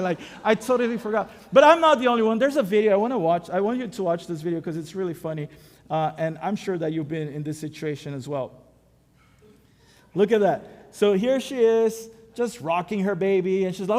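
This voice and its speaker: A man's voice: high voice, normal speed. A man preaching as a pastor in a conversational, storytelling way, with self-deprecating humor. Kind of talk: sermon. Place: church sanctuary. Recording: echoey church hall.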